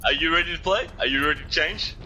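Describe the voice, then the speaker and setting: A man's voice: a little high, fast, noisy background. A man ranting sarcastically at a teammate in online game voice chat, swearing heavily. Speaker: gamer streamer. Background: loud game music.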